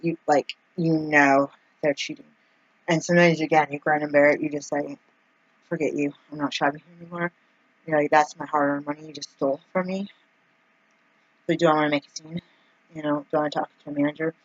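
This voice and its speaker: A woman's voice: deep voice, little pitch movement, fairly quick, pauses often, dry recording, muffled recording. A woman telling a personal story in a casual vlog, chatty and full of fillers, acting out the people she quotes. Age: adult, mother of two young kids. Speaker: vlogger.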